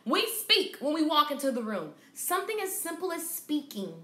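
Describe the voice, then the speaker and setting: A Southern American woman who runs a salon, teaching a live-streamed marketing class in an energetic, emphatic way, repeating her points. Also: sits high, moderate pace. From Southern United States. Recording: echoey room.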